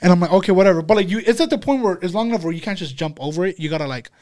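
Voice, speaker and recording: A man's voice: high-pitched, expressive, racing, a little mellow. A man telling his own embarrassing story among friends, profane and self-mocking.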